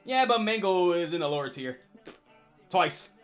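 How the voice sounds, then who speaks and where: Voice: medium pitch, expressive, moderate pace. A casual streamer talks in a mid-range voice, rambling through a tier list with plenty of "like" and "uh" and restarting sentences. Faint music plays behind the voice. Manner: rambling, filler-heavy, with many restarts. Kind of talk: casual livestream chat.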